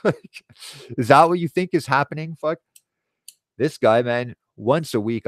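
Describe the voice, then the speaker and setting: Man, 30s, live stream host, low voice, dry sound, profane, rambling anecdotes. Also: no room sound. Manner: profane, animated storytelling with quoted voices.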